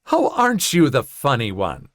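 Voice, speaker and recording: A man voicing a snarky, condescending female high school teacher with a falsely sweet, sneering manner. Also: wildly swooping pitch, normal speed, fairly bright tone.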